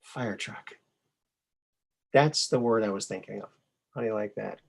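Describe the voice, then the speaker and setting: A man's voice: lowish voice, a little fast, vocal fry. A middle-aged man hosting a call-in show, chatting casually and telling dad jokes. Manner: folksy, tells dad jokes.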